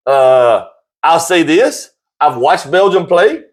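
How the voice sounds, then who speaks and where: A man hosting a casual sports talk show, animated and jokey, repeating himself and jumping up high when excited. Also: slow.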